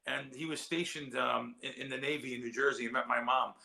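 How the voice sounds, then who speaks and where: A man's voice: mid-range voice, fairly even intonation, fairly quick, vocal fry, pushed and bright. A man on a sports betting show, talking in a rambling, heartfelt way and often repeating his words. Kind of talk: casual chat.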